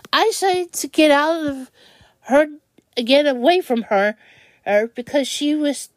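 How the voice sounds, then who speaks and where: Young woman, upset vlog rant, high voice, halting delivery, dry close sound. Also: dry recording. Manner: upset, halting, restarts sentences often. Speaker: vlogger. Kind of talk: venting monologue.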